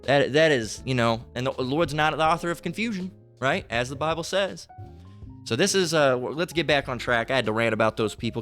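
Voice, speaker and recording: A man's voice: a little high, fairly bright tone. A man preaching a heated, profane sermon, ranting, repeating himself and firing off rhetorical questions between scripture readings.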